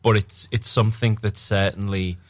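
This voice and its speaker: A man, an actor guest on a radio interview, talking hesitantly with many ums and pauses. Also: lowish voice, fairly even intonation.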